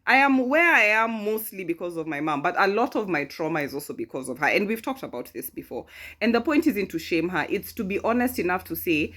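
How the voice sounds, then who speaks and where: A woman in her thirties chatting casually with a friend for her vlog, animated and often echoing her friend's words. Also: medium pitch, fairly quick. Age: 30s. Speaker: vlogger. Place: in bed indoors.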